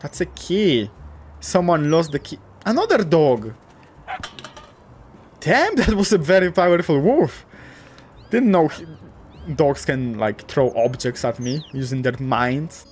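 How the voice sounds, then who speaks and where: Excitable young man gushing over a game. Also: slow pace, long pauses, slight background noise. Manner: excitable, gushing, jumps to high squeals; swears casually and talks to game characters. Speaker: gaming YouTuber. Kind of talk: casual game commentary.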